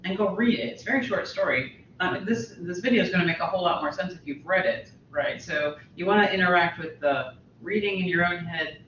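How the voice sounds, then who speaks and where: A woman's voice: on the low side, brisk, few pauses, a bit bright, a little hiss or hum. A woman teaching a college literature class, talking casually to her students with many fillers and restarts. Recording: roomy, distant, dull lo-fi audio.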